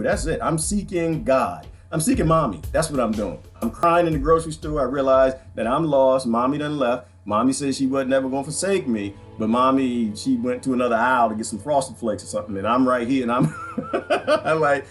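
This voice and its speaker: A man hosting a rambling livestream monologue, animated and joking, laughing often. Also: medium pitch.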